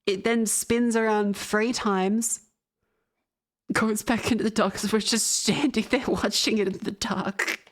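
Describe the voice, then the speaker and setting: A woman's voice: mid-range voice, fairly even intonation, unhurried. A woman streamer chatting casually with viewers, telling a rambling, swear-filled story and often laughing. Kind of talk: casual chat.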